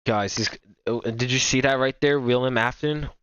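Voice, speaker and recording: A young man reacting to a game and talking to his viewers, stumbling over repeated words and apologizing often. His voice sits in an ordinary middle pitch. The sound comes through a dull, lo-fi home microphone. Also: steady tone, normal speed, fairly bright tone, a little hiss or hum. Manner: rambling, repetitive, apologetic. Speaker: gaming streamer. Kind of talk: casual reaction commentary while chatting with viewers.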